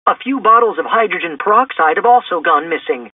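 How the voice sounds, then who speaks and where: A man's voice: high-pitched, animated, fairly quick, breathy edge, no echo, pitched above the performer's own voice. A man reading a storybook aloud and voicing an annoyed woman science teacher who speaks in a matter-of-fact way. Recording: distant, tinny phone-like sound.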